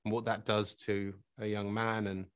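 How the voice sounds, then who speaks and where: A man answering interview questions reflectively, pausing often with ums and restarts. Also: on the low side, level tone, clear, resonant tone. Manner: reflective, hesitant with many ums. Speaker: actor interviewee.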